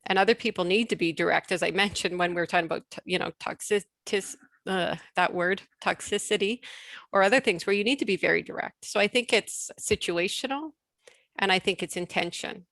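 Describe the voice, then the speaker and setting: A woman speaking as a guest on leadership in a casual webinar conversation over a video call, animated and quick to restart her sentences. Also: mid-range voice, creaky, no echo. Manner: animated, quick restarts, laughs between points.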